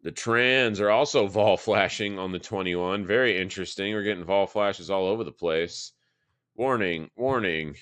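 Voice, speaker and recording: A man with a very low, smooth voice talks through charts in a loose, rambling way. He sounds like he is thinking aloud on a live market stream, recorded dry and close. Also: normal speed, hardly any pauses, fairly bright tone, dry recording. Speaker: market analysis host.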